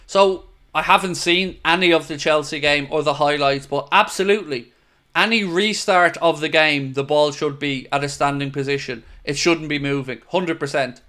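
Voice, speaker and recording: Guy hosting a footy fan stream, fairly high voice, opinionated, keeps saying mate to viewers. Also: normal speed, pushed and bright. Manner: opinionated, earnest, talks straight to viewers with "mate". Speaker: host of a football fan watchalong livestream. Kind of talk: casual livestream chat, reading viewer comments.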